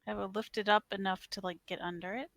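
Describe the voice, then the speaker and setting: Woman player, bright gravelly voice, terse action calls. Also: medium pitch, steady tone, fast talker, dry recording. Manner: short, direct declarations of actions. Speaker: tabletop game player. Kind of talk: casual tabletop play.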